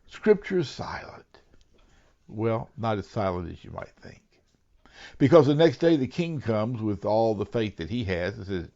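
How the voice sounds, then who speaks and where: A male pastor giving an earnest sermon, dropping to hushed whispers and then rising to emphatic, raised lines. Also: lowish voice, lively intonation, normal speed, highs cut off.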